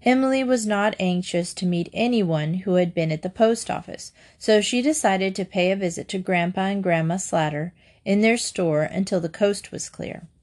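A woman reading a children's book aloud in a slow, even narration. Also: medium pitch.

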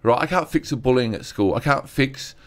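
A young stand-up comedian tells stories candidly and conversationally, earnestly and animatedly acting out the voices of the people in them. His voice is medium-pitched and brisk.

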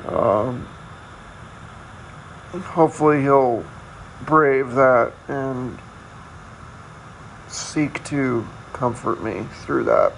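A man hosting a casual solo podcast, talking in a candid, self-deprecating, halting way. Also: medium pitch, creaky, a little hiss or hum, low-quality recording. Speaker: podcast host.

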